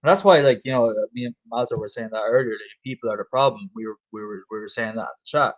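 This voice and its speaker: A man's voice: lowish voice, fast talker, highs cut off. A young man chatting casually and emphatically, swearing often and repeating himself as he makes his point. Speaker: host. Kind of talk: casual pub chat.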